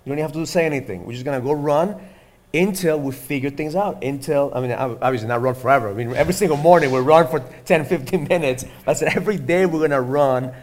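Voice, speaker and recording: Fast-talking earnest father. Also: a little high, a little mellow. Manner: earnest, rambling with many fillers. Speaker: father and podcast host. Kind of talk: casual conversation.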